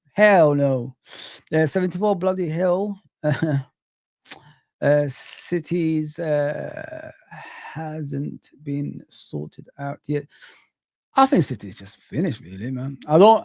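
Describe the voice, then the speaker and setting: A man hosting a casual livestream, chatting lively and reading out and greeting his chat. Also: on the high side, slow, no echo, clean studio sound. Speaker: livestream host.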